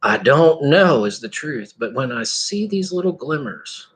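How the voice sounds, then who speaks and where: A man talks through a loose, reflective spiritual monologue. He trails off and restarts, hums lines of song, and laughs between thoughts. His voice sits a touch high and has a husky grain. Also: very animated, fairly bright tone. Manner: meandering, halting, with bits of sung lyric and laughter. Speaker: vlogger.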